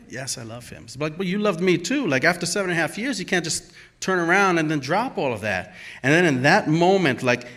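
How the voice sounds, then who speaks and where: A man telling a true story at a live storytelling event, animated and emphatic, acting out the dialogue as he goes. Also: mid-range voice.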